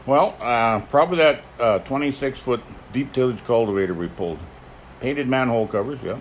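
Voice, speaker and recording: An older man, hosting a casual chat and telling folksy stories about horses, often chuckling and clearing his throat. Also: mid-range voice, normal speed, a little hiss or hum. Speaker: host, horse teamster. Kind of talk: casual chat answering viewer questions.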